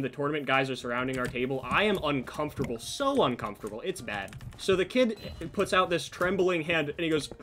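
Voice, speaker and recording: A man's voice: on the high side, slight background noise. A man telling a story in casual commentary over his own gameplay, breaking off for asides about the match. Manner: storytelling while playing, animated asides. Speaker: gaming commentator.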